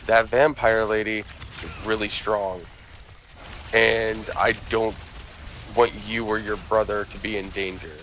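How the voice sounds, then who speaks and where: A man's voice: on the low side, level tone, a little slow, a bit bright, slight background noise. A man playing a tabletop game, talking his character's moves through in hesitant, filler-heavy speech. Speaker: player. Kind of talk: casual chat at a game table.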